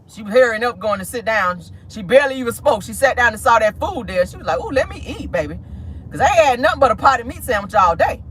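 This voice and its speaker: Sassy husky-voiced woman dishing gossip. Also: high voice. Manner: sassy, animated, calls listeners honey and girl. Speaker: host of a gossip talk show. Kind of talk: casual celebrity gossip commentary. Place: inside a car.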